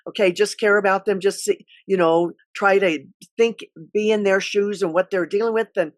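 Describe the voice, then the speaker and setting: A middle-aged woman school counselor telling a personal story in an earnest, halting way, with many restarts. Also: mid-range voice, steady tone, no room sound.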